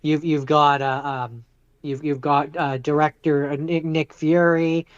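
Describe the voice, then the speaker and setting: A man co-hosting a podcast in casual chat, talking in a measured, hesitant way with lots of fillers and sounding like he's losing his voice. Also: on the high side, level tone, clean tone, dull audio. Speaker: podcast co-host.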